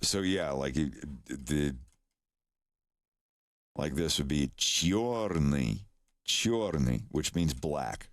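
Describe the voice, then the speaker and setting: A man's voice: rumbling low, slow, pauses often, no room sound. A man chatting casually on a live stream, rambling and swearing as he demonstrates mouth sounds.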